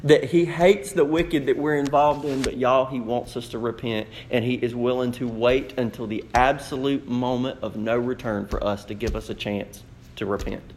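A man preaching a sermon to a congregation, animated and playful, acting out questions in raised voices. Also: mid-range voice, normal speed, slight background noise. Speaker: pastor. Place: church sanctuary.

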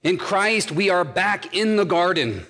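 A pastor preaching a sermon, hammering his points home through steady repetition. His voice sits high for a man, and he talks at a slow, unhurried pace. The sound carries the long reverb of a church hall. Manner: emphatic preaching with repeated phrases.

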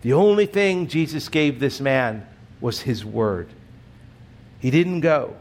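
A man preaching a sermon in an earnest, emphatic way, often clearing his throat. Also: medium pitch, expressive, slow pace, a little mellow. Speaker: pastor.

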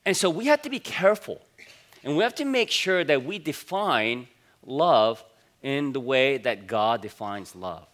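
Bright-voiced pastor man preaching. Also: medium pitch, big pitch swings, a little slow. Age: 40s. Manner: conversational, storytelling, many fillers. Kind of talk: sermon.

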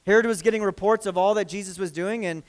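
A man's voice: high voice, fast talker, smooth. A man preaching a sermon as a pastor, earnest and conversational, often restarting phrases. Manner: earnest preaching with frequent restarts and acted quotes.

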